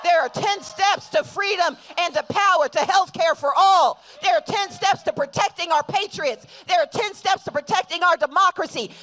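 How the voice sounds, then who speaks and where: A woman's voice: extremely high pitch, fairly bright tone, a little hiss or hum. A woman delivering a rousing outdoor rally speech, leading the crowd in call-and-response chants. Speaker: rally speaker.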